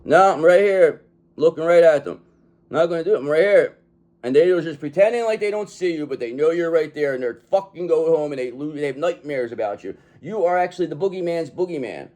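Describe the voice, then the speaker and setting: A man's voice: on the high side, quick pace, mellow. A man giving a tarot reading in an emphatic, profane manner, often checking in with "okay?". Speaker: tarot reader.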